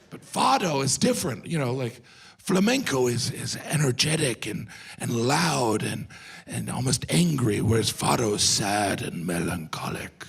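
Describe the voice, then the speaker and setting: Deadpan American comedian doing stand-up. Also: male voice, mid-range voice, measured pace, creaky, breathy edge. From United States. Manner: deadpan, puts on silly voices for quoted people. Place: live comedy venue with audience.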